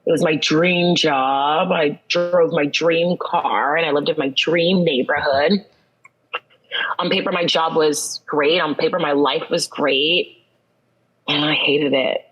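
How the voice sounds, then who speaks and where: A woman in her thirties tells her own story with an earnest, reflective pull, circling back to key phrases to drive them home. Her voice sits a little low for a woman. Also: steady tone, slow, fairly bright tone, husky, muffled recording. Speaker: guest. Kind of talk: personal storytelling in an interview.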